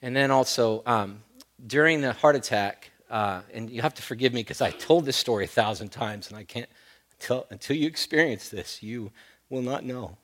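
Man, middle-aged pastor, sermon, emphatic then hushed, storytelling. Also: mid-range voice, normal speed. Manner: swings between loud emphatic preaching and hushed storytelling.

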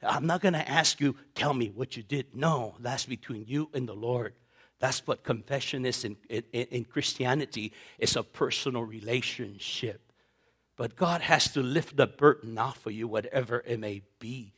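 A middle-aged man preaching a sermon as pastor, impassioned, repeating phrases and swelling suddenly in volume and pitch. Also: normal speed, a bit bright, breathy edge.

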